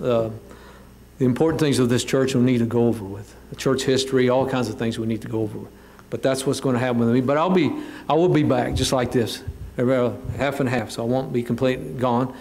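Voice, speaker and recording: A man's voice: medium pitch, a little mellow, a little hiss or hum. A man with a Texan accent giving rambling, folksy church announcements as an elder.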